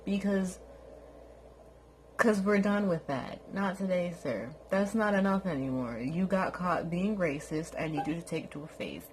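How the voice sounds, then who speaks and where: Speaking at a normal speed over a noisy background, this woman is a vlogger delivering a casual rant to camera from her bed at home. She sounds exasperated and sarcastic toward her viewers, and she imitates other people in exaggerated high voices.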